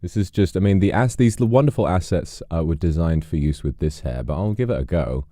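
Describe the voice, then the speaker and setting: Deep, dark-voiced male streamer. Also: animated, fairly quick, no echo, studio quality. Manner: rambling, many fillers and restarts. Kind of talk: casual chat with viewers.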